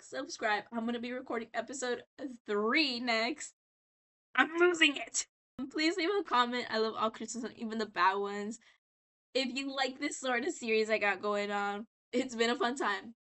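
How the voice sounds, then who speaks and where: A woman's voice: on the high side, fairly bright tone. A tipsy woman casually recapping a cartoon, giggling, swearing often and losing her place. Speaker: video creator.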